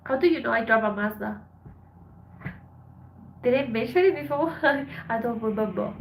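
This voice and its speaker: Lady streaming, worn out, kinda high voice with lots of fry, mixes spanish and english. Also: moderate pace, a little hiss or hum, poor audio. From Colombia. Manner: soft, subdued, switching between English and Spanish. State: tired. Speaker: live streamer reading chat. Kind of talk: casual live-stream chat.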